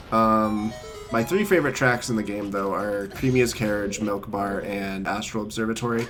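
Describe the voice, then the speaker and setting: A man's voice: on the low side, unhurried, fairly bright tone. A man streaming a speedrun, chatting casually and explaining his tricks as he plays. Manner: laid-back, explains tricks while playing. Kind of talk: casual live-stream chat. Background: faint game music.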